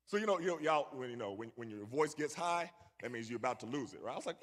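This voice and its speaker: Animated man in an echoey hall. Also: mid-range voice, quick pace, few pauses. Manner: animated, banters with the crowd. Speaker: guest speaker. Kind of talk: storytelling talk to young audience. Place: large church hall.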